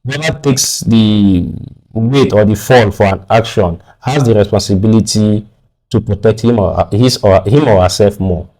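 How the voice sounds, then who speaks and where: A man's voice: on the low side, normal speed, warm tone. A man with a Nigerian accent, a guest on a radio talk show, arguing his views firmly and repeating words when pressed.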